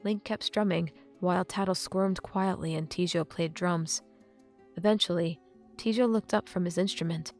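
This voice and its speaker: A woman's voice: on the low side, steady tone, normal speed, a little mellow, soft background music. Woman narrating an audiobook.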